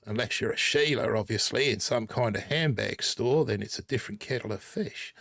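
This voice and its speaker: A man's voice: mid-range voice, brisk, vocal fry, fairly bright tone, no room sound, clean studio sound. A man hosting a casual live stream in a put-on Australian accent, rambling and joking as he reads out chat names. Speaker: livestream host.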